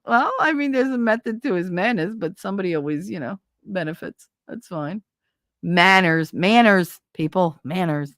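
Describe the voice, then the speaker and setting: A woman's voice: mid-range voice, animated, fairly quick, few pauses, no room sound. A middle-aged woman live-streaming, chatting casually and reading out viewer comments, blunt, profane and sarcastic, often laughing.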